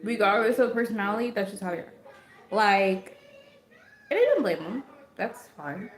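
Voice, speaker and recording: A young woman hosts a livestream, chatting casually at a moderate pace in a medium-pitched voice with big pitch swings. She rambles and giggles, using lots of fillers, and the room sounds echoey.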